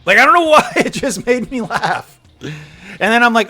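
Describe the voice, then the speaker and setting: A man chatting casually on a game stream, animated and profane, laughing and bursting into loud outbursts. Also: extremely high pitch, moderate pace, faint music behind. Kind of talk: casual gaming stream chat.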